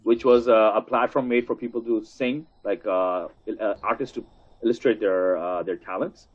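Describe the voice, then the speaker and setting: A man's voice: lowish voice, steady tone, normal speed. A man co-hosting a podcast who laughs often and hesitates with many fillers in casual chat. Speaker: podcast co-host. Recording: dull lo-fi sound.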